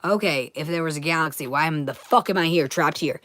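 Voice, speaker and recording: An agitated woman delivering a rambling, profane monologue to the camera, swinging between loud ranting and hushed whispers. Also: deep voice, fairly quick, a little hiss or hum. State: agitated, frantic.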